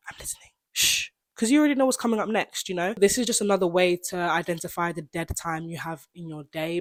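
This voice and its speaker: A woman's voice: fairly low pitch, dry recording. A young woman, a student, chatting expressively to camera about learning languages, full of "like" and asides. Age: young adult. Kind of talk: casual vlog talk to camera.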